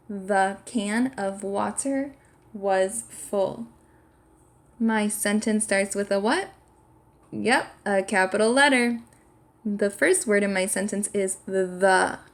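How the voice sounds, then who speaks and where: Slow, gravelly-voiced woman teacher. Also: mid-range voice. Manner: encouraging, spells words out letter by letter. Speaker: kindergarten teacher. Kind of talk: slow, clear classroom instruction.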